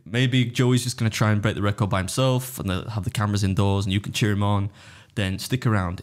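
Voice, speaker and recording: Fast-talking man telling stories. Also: lowish voice, steady tone. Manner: rapid anecdotal storytelling, acting out others' quotes; swears freely. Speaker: podcast co-host and competitive eater. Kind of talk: casual podcast chat.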